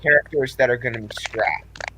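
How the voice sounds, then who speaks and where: A man's voice: medium pitch, normal speed. Earnest man on a noisy call. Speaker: call participant. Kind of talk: casual group call chat.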